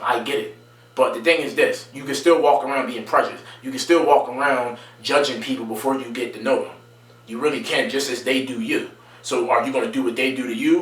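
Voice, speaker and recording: Emphatic man, roomy and distant. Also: fairly bright tone. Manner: emphatic, repetitive, rising to raised pitch when stressing points. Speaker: video creator. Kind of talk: impassioned monologue to camera. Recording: roomy sound from a distance from the mic.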